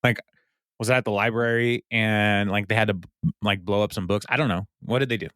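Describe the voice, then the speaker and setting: A man's voice: fairly low pitch, steady tone, brisk, fairly bright tone, clean tone, dry recording, clean studio sound. A man co-hosting a podcast, casually recapping an episode and animatedly acting out the characters' lines. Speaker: podcast co-host.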